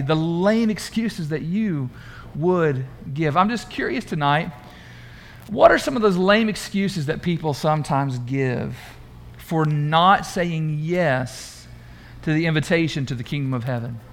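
Male preacher, high voice, chatty and animated, quizzing his congregation. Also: unhurried. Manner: conversational, animated, asks the congregation questions. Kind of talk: sermon. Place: church room.

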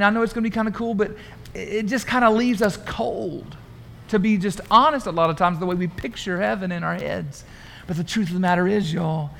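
Male preacher, high voice, chatty and animated, quizzing his congregation. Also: gravelly. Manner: conversational, animated, asks the congregation questions. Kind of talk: sermon. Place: church room.

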